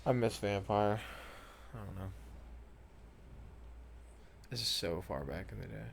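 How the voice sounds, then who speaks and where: Young man, low voice, gravelly, rambling casual talk, frequent swearing, faint hiss. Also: measured pace, pauses often. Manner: rambling, swears often, trails off. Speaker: gaming vlogger. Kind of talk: casual talk over gameplay footage.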